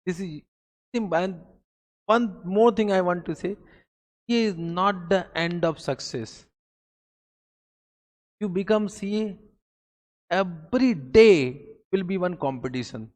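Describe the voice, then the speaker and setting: A man with an Indian English accent gives an exam pep talk to a class, asking rhetorical questions and repeating himself for emphasis. His voice sits fairly high for a man. A long reverb trails after every line. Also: slow pace, pauses often. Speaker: accountancy exam lecturer. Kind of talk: motivational revision lecture.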